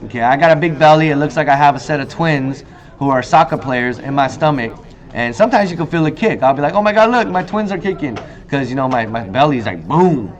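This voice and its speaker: A man in his thirties hosting a casual talk show monologue, telling stories with lively acted-out quotes. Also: a little fast, muffled recording. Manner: animated storyteller, acts out quoted lines in a higher voice. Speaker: host. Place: in Korea.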